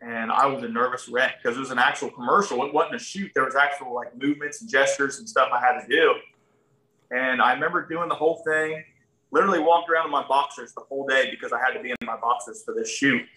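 A man's voice: mid-range voice, fast talker, roomy sound, recorded from a distance, poor audio. A man, a podcast guest telling a story casually and acting out the people in it. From Ohio, USA. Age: 30s. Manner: folksy, animated, acts out other people's lines.

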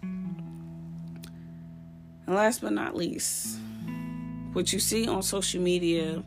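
A woman's voice: fairly low pitch, steady tone, slow, music in the background. A woman hosting a parenting podcast, giving casual advice in an earnest, heartfelt and direct way. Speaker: podcast host.

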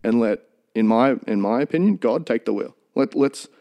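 A man's voice: medium pitch, animated, moderate pace, dark tone. A man co-hosting a podcast, talking earnestly in a rambling, casual way with many restarts. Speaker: podcast co-host.

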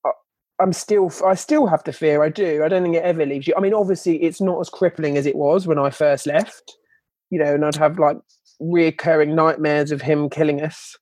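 Low-pitched and a little mellow, this young woman speaks at a moderate pace with fairly even intonation, with no room sound. A children's book author, she tells her story as a guest in a candid podcast interview. Her style is chatty, full of "like" and "you know."

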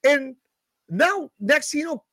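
A man's voice: very high voice, lively intonation, unhurried, pushed and bright, dry recording, clean studio sound. A man co-hosting a podcast, chatting casually with self-mocking, swearing humor. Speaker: podcast co-host. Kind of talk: casual chat.

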